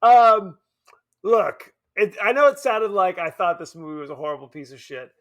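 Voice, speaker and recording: Animated, high-voiced man co-hosting a podcast. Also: moderate pace. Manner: animated, joking, self-deprecating. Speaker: podcast co-host. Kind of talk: casual film review chat.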